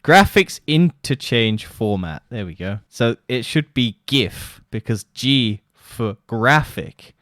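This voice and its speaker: A man's voice: mid-range voice, lively intonation, slow, hardly any pauses, fairly bright tone, no echo, studio quality. A man co-hosting a podcast in casual chat, blunt and scoffing, swearing freely. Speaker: podcast co-host.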